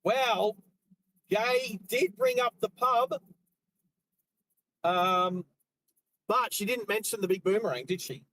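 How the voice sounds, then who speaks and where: Over poor audio, an Australian man with a high, sharp-toned voice hosts a live driving stream, speaking slowly with long pauses. He chats casually with viewers from his car, switching between their comments and remarks on sights along the road.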